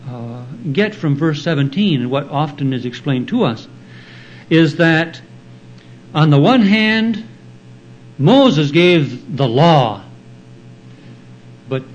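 A man preaching an expository sermon, explaining Bible verses in a slow, deliberate teaching manner. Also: on the high side, lo-fi sound, slight background noise. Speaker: pastor.

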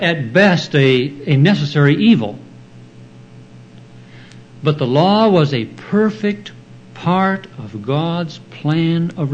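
A man preaching an expository sermon, explaining Bible verses in a slow, deliberate teaching manner. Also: fairly high pitch, highs cut off, a little hiss or hum. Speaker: pastor.

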